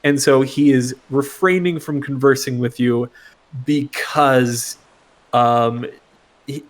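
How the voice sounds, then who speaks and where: A man narrates a tabletop game as its game master, taking his time. His delivery is unhurried and halting, with pauses and fillers between phrases. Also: mid-range voice, fairly even intonation.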